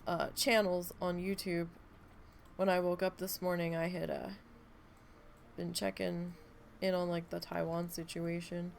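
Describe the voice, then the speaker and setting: A woman's voice: on the low side, little pitch movement, measured pace, creaky, pauses often, slight background noise. A woman live-streaming a game, chatting casually and telling rambling stories with plenty of swearing. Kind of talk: casual live-stream chat while playing.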